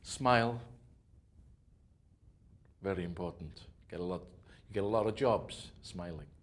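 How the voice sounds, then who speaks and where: A man giving a comic drum masterclass as an earnest, deadpan instructor who rambles and often drops into quiet asides. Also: low-pitched, brisk.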